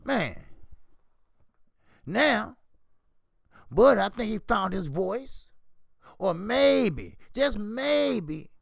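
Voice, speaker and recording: A man's voice: high-pitched, very slow, vocal fry, pauses often, no room sound. A man, older, hosting a boxing channel, giving casual opinionated commentary in a preachy, repetitive way. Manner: animated, preachy, repeats "you see?".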